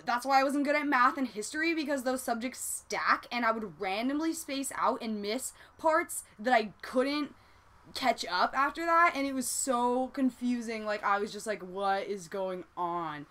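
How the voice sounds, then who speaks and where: A woman's voice: high-pitched, a bit bright. Chatty Southern Californian young woman. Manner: chatty, rambling, frequent "like", swears casually. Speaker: vlogger. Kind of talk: casual confessional vlog.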